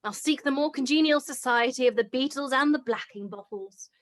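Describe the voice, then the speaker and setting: A woman's voice: fairly quick, natural voice. A woman reading a florid lovesick soldier. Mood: mock-heroic. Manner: mock-grand, old-fashioned lower-class diction. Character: adult male soldier suitor, comic and florid. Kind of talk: script read-through.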